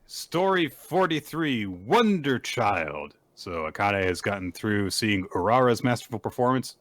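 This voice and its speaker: A man's voice sits on the low side with a bit of brightness. He hosts a podcast, casually recapping a manga chapter in a rambling way with fillers and the odd swear, and he plays the characters' lines in quick put-on voices.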